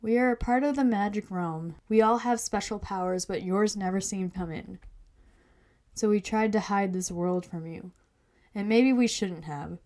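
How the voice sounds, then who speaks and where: A woman's voice: mid-range voice, moderate pace, a little mellow, natural voice. A woman voicing a secretive, worried father with a hidden past in a storybook podcast, earnest and confessional. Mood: confessing.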